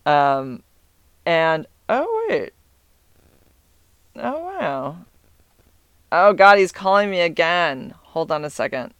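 Middle-aged woman, casual storyteller, distracted and profane, smooth tone, dry recording. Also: on the low side, big pitch swings, takes it slowly, long pauses, fairly bright tone, no room sound. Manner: rambling, easily distracted, swears freely. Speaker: mother telling a personal story.

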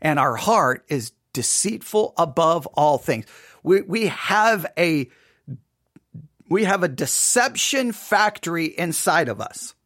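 A man preaching a sermon, emphatic and repetitive, firing off rhetorical questions and sometimes dropping into quiet asides. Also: on the high side, expressive, slow pace, no echo, clean studio sound.

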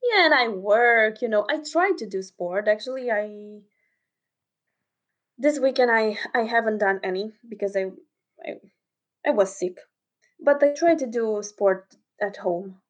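A woman's voice: a little high, animated, a little slow. Friendly young woman, hesitant and laughing easily. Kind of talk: casual chat.

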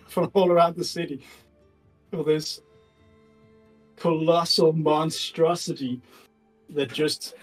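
Slow, husky-voiced man running a tabletop game. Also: fairly high pitch, faint music behind, low-quality recording. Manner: animated, laughing often, halting with fillers. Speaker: game master.

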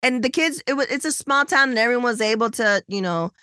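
A woman's voice: on the high side, a little fast, smooth, dry recording, clean studio sound. A woman co-hosting a podcast, telling a story in casual chat and acting out the people in it. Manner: animated storytelling, acts out quoted people. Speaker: podcast co-host.

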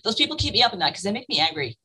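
A woman speaking as a guest expert in an interview, talking in an energetic, emphatic way. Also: medium pitch, very fast, rough recording. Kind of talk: casual interview conversation.

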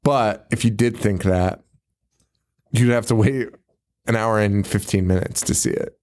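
A podcast co-host with a lowish, steady, darkish voice speaks a little slowly as he rambles through a casual movie recap, swearing freely, laughing often, and imitating characters.

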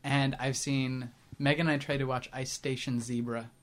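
A man in a casual podcast chat, talking in halting bursts with restarts and dry humor. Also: medium pitch, flat delivery.

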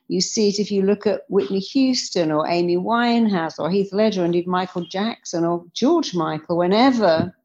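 A woman's voice: mid-range voice, darkish tone. A woman, a therapist guest in an interview, speaking earnestly and acting out the dialogue she quotes. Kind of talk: podcast interview answer. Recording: slightly dull lo-fi audio.

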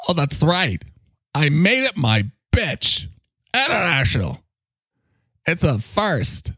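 Man doing a cocky needy talking mic, all over the place pitch-wise, shouts sometimes, no room echo. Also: huge pitch swings, slow, husky, studio quality, full character voice. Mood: bossy. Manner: swooping pitch, bursts into shouting, teasing. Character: brash male talking microphone, cocky and needy. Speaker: podcast co-host character. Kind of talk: improvised comedy bit.

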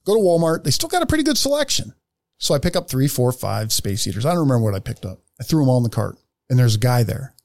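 A man's voice: mid-range voice, very animated, fast talker, creaky, darkish tone, no room sound. A man telling a story in casual podcast chat, blunt and profane, acting out the other people in it. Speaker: podcast co-host.

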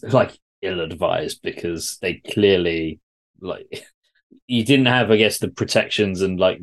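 A man co-hosting a podcast, chatting casually, rambling and laughing often. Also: low-pitched. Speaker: podcast co-host. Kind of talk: casual chat.

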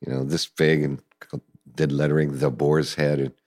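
Older man, very deep voice, dry close mic, casual interview storytelling, animated, acts out sounds. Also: normal speed, no room sound. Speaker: guest musician recalling the past.

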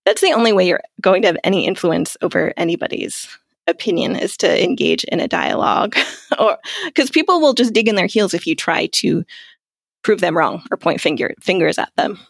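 A woman's voice: lowish voice, moderate pace, creaky, dry recording, clean studio sound. A woman speaking as a guest in a casual interview, chatty, with many fillers and frequent laughs. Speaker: guest, clarity coach.

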